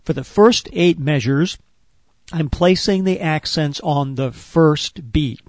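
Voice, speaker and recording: A man's voice: on the high side, takes it slowly, darkish tone, dry recording, studio quality. A man patiently explaining a rhythm and movement exercise step by step, with the odd filler. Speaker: wellness instructor.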